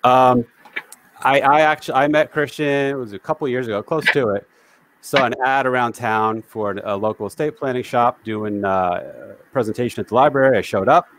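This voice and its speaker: A man hosts a casual live stream over a video call, cracking dad jokes between topics. His voice sits at an ordinary middle pitch and sounds dry and close, with no room around it. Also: normal speed, a bit bright, dry recording. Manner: jokey, tells dad jokes. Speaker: host.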